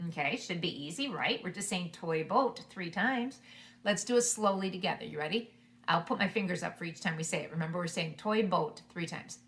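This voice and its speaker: A woman teaching a preschool circle-time lesson, talking slowly and encouragingly to young children. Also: on the low side, big pitch swings, a bit bright. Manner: slow, sing-song, encouraging to young children.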